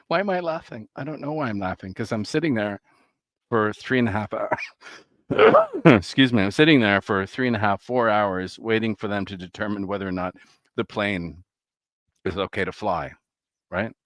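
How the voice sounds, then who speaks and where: A man chatting casually and excitedly about records he bought, telling a rambling travel story with laughs and swearing. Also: lowish voice, normal speed, pauses often, no room sound. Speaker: vinyl record collector vlogger.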